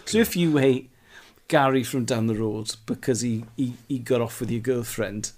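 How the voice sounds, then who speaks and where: Joking man, mid pitch. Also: moderate pace. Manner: joking, repeats words when excited. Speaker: podcast co-host. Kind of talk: casual chat.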